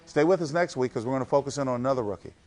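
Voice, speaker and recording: Male analyst, rapid delivery, film breakdown, faint music bed. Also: medium pitch, darkish tone. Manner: quick, instructive breakdown. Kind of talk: scripted film-breakdown narration.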